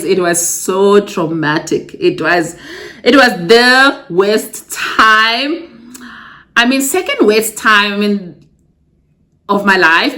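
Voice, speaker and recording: Young woman, casual vlogger, chatty and candid, talks straight to her viewers, mid-pitched voice. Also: fairly bright tone. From South Africa. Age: young adult. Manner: chatty, addresses viewers as guys, exclaims yay and yo; emotional, close to tears at times. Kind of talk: casual storytelling to camera.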